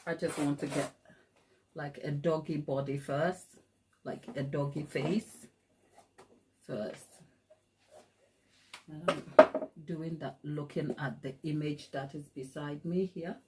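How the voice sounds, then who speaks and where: Chatty woman, lowish voice, laughs often. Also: steady tone, slow pace, long pauses, a little mellow, a little hiss or hum. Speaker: cake decorating tutor. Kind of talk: live tutorial chat.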